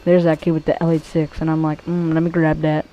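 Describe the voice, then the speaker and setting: A woman with a low, mellow voice talks loosely over her gameplay footage. She rambles in a casual commentary style, swearing freely and filling gaps with ums, likes and restarts. The low pitch and soft, dark tone stay steady throughout. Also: a little fast, highs cut off, a little hiss or hum. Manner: rambling, profane, many fillers and restarts.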